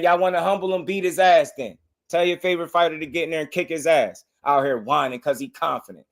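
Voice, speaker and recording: Boxing stream host guy, kinda high voice, fired up, keeps repeating himself. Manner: heated, impassioned, repeats his points. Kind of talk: livestream commentary rant.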